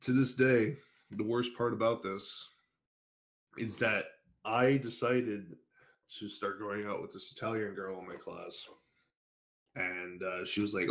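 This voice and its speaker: Deep-voiced young man telling a crude story. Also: a little slow. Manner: crude, animated anecdote with acted-out quotes. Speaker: guest storyteller. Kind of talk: casual storytelling, profane.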